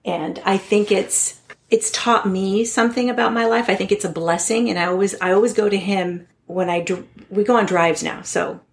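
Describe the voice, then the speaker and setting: A woman guest from Southern California speaks candidly and earnestly about her family. Her voice sits at an ordinary middle pitch, and her telling is heartfelt rather than polished. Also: normal speed, gravelly. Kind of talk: personal storytelling in a podcast interview.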